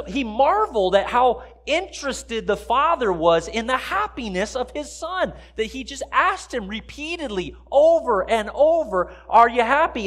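A man's voice: very high-pitched, fairly bright tone. A man preaching a sermon in a church, talking in a conversational way and putting questions to the congregation. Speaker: pastor. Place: church sanctuary.

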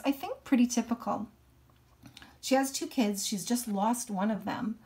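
A woman's voice: medium pitch, darkish tone. A woman reading a novel aloud and explaining it thoughtfully between passages.

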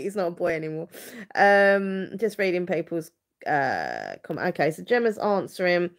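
Her voice fairly low and sing-song at a moderate pace, a vlogger in her thirties chats openly and earnestly on her livestream, rambling along with lots of restarts and fillers.

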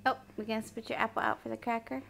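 A woman's voice: a little high, level tone, very fast, creaky, a bit bright, a little hiss or hum. A young mother at home, coaxing her toddler in repetitive baby talk, filmed on a handheld camcorder.

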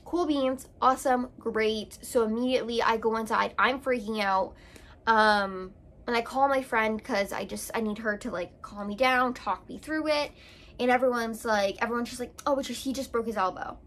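A woman with a slightly high voice chats to her camera about something that shook her. She rambles emotionally and keeps circling back with fillers and restarts. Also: normal speed, fairly bright tone. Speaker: vlogger. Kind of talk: casual storytelling to camera.

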